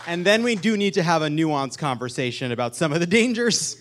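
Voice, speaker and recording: A man hosting a live comedic political talk show on stage, joking and animated, with loud emphatic bursts. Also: on the high side, a little fast, slight background noise. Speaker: podcast host.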